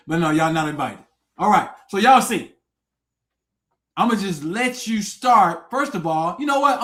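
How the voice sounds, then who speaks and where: A high-voiced man hosts a livestream from a desk mic. He rants in a loud, profane and taunting way, jumping from shouts to low mutters and daring viewers to come on and debate him. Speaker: livestream host. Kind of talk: confrontational livestream rant.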